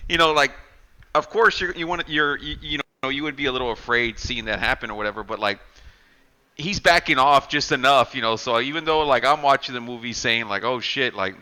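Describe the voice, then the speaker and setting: A man co-hosting a casual movie podcast, excitedly retelling scenes, acting out lines and swearing loosely, with lots of filler words. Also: medium pitch, a little fast. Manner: heavy filler words like "like" and "you know". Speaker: podcast co-host. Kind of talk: casual chat.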